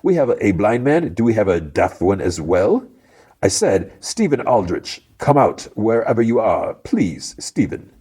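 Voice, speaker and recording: A man's voice: lowish voice, very animated, measured pace, mellow, breathy edge, voice pushed up, full character voice. A man putting on a smug Irish robber boss. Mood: mocking. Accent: attempted Irish. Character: male Irish bank robber leader, smug and cool. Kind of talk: recapping a show with acted quotes.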